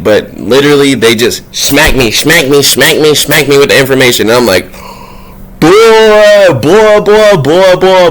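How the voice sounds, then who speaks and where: A man talking casually to camera in a spiritual vlog, slangy and profane, his voice jumping up high whenever he gets worked up. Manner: excitable, slangy and profane, voice leaping up when worked up. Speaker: vlog host.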